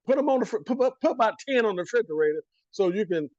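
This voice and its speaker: A man's voice: sits high, animated, quick pace, darkish tone, dry recording, highs cut off. A man giving a motivational pep talk as a coach, preachy and full of slang, repeating his key lines and asking and answering his own questions. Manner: casual slang, talks straight at the listener.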